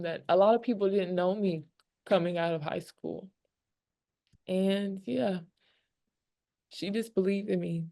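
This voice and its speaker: Low gravelly woman, candid and emotional. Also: mellow. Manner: candid, rambling with many fillers. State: emotional, near tears. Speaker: pro basketball player. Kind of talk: press conference answers.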